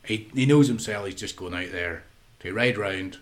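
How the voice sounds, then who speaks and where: A man's voice: on the low side, moderate pace. A man co-hosting a casual podcast chat, blunt and sweary, laughing often and acting out quotes. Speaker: podcast co-host.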